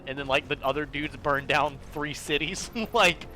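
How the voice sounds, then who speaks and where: Young man, gameplay commentary, fairly high bright voice, cursing and laughing, soft game music behind. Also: fairly even intonation. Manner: profane, rambling, quick to laugh. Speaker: gamer playing through a game.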